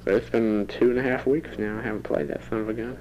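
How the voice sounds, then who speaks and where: A man's voice: on the low side, steady tone, fast, a little mellow, muffled recording. Giggly rambling teenage boy. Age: teens. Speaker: student keeping a tape diary. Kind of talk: rambling audio diary monologue. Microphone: home cassette recorder.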